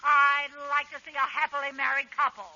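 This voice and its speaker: An actress playing a prim, gushing spinster client with a prissy, affected manner, 1940s radio comedy acting. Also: female voice, sits high, monotone, a little fast, sharp tone, heavily acted. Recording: dull 1940s radio broadcast, faint hiss.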